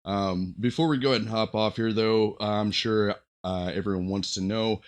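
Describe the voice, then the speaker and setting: A man hosting a podcast, asking the guest questions in a relaxed, easygoing way. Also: on the low side, moderate pace. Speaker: podcast host. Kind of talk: casual interview questions.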